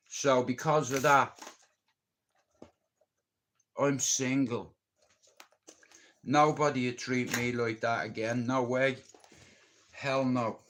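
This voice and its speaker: Slow-talking, blunt middle-aged Irishman. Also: medium pitch, a bit bright, slight background noise. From Ireland. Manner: rambling, blunt, heart-on-sleeve, swears freely. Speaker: livestreamer. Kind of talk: casual live-stream chat.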